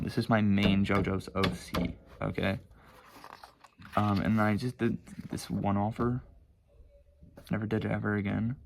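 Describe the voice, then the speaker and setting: Gravelly low-voiced teen guy rambling. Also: slight background noise. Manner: rambling, swearing, self-mocking. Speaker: vlogger showing his sketchbooks. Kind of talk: casual chat.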